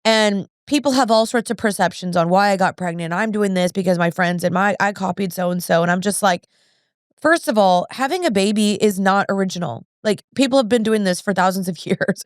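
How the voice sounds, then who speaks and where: A woman's voice: medium pitch, fairly quick, dry recording, clean studio sound. A woman in her thirties hosting a podcast, talking in an earnest, chatty way with lots of fillers. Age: 30s. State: pregnant. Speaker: podcast host. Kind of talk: casual chat.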